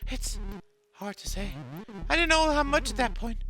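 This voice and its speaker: A man putting on a jittery, gravelly ghost. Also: extremely high pitch, animated, bright, forceful tone, pitched above the performer's own voice, full character voice. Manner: halting, fearful storytelling. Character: nervous, haunted young male ghost. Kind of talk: reading game dialogue aloud.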